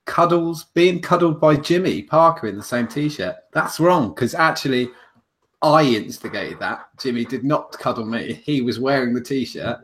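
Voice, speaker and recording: A man's voice: mid-range voice, expressive, moderate pace, fairly bright tone, a little hiss or hum. A man hosting a casual livestream chat, rambling and self-mocking, with lots of restarts. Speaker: host.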